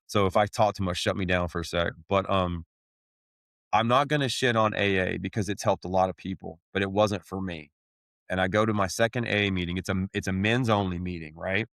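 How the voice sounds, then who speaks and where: A man with a fairly low voice tells his own story in plain, blunt terms. He swears casually and keeps calling his listener "man." The recording is dry and close, with no room echo. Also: a bit bright. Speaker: podcast host sharing his testimony. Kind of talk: candid conversational storytelling.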